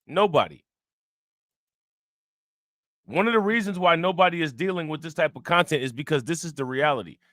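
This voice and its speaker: Bright-voiced man riffing on news. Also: on the high side, expressive, normal speed, long pauses, no echo. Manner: loose, repetitive, talks to viewers directly. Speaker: commentary channel host. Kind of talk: casual commentary reacting to news clips.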